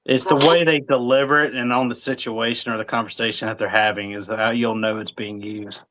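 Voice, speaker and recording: A man's voice: medium pitch, steady tone, a little fast, pushed and bright, rough recording. A man talking emphatically and laughing often in a casual sports chat.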